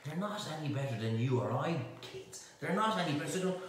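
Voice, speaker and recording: A man's voice: fairly high pitch, expressive, fast. A man hosting a live cook-along, rambling and joking with slangy asides. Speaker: chef and cooking show host. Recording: echoey room, mic at a distance, faint noise.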